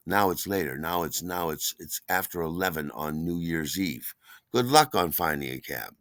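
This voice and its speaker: An older man hosting a podcast, telling a personal story in an animated way, acting out voices and sound effects. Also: a bass voice, moderate pace, no room sound. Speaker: podcast host.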